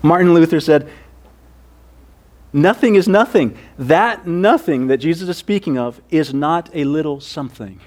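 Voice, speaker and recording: A man preaching a sermon, earnest, moving between fervent prayerful passages and hushed, soft teaching. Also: a little high, moderate pace, few pauses. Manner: earnest, swings from loud fervor to hushed softness. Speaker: pastor.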